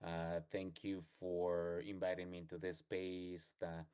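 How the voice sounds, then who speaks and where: Man speaker, very deep, steady and flat, slow, with a clear, resonant voice. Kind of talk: public talk opening.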